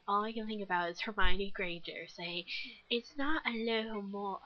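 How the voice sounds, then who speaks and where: A woman's voice: mid-range voice, expressive, a little slow, muffled recording. A nineteen-year-old woman chatting casually while playing a game, rambling with many fillers and self-deprecating giggles. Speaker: gaming vlogger. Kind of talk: casual gameplay commentary.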